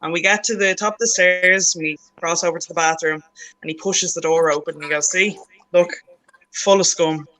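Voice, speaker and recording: A woman comedian telling a deadpan story over a video call and laughing at her own jokes. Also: on the low side, quick pace, dry recording, poor audio.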